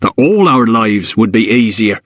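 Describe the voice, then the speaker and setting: A man's voice: fairly low pitch, animated, measured pace, a bit bright, dry recording, studio quality. A man doing a smug, muttering coal-carrying servant. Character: broad-shouldered male servant, sooty, smug.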